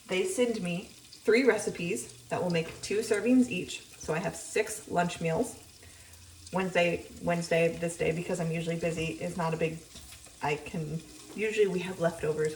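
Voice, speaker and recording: A woman's voice: on the low side, moderate pace, a little mellow, recorded from a distance, a little hiss or hum. A young woman vlogger chatting casually while she cooks at home, rambling with lots of ums as she explains her routine. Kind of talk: casual chat while cooking. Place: home kitchen. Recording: echoey kitchen, voice often off-mic. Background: frying sizzle.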